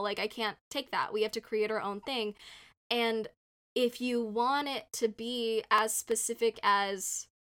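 Smooth-voiced young woman, rambling chat. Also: on the high side, fairly bright tone. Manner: rambling, heavy use of "like", frequent restarts. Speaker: podcast co-host. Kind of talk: casual discussion.

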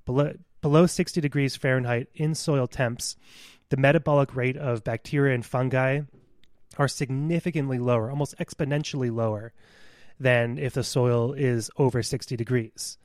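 A man's voice: medium pitch, fairly even intonation, normal speed, darkish tone, dry recording. Man explaining soil science, dry sound. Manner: earnest, lecturing with scientific detail. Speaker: podcast co-host. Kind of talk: explanatory podcast talk.

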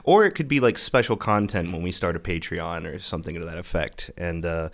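A man's voice: sits low, a little fast. A man co-hosting a casual film podcast, talking in an earnest, self-aware way. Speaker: podcast co-host. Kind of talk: casual chat.

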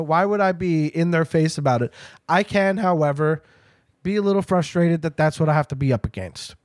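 A man's voice: a little high, dry recording, clean studio sound. A man hosting a casual podcast chat, rambling and jokey as he talks with his guests. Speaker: podcast host.

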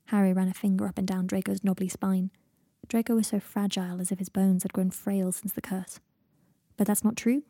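A woman reading a story aloud in an even, steady narrating voice. Her tone is mellow and warm with a soft, breathy edge. The recording is close and dry with no room sound. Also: medium pitch, brisk, dry recording. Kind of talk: audiobook reading of fan fiction.

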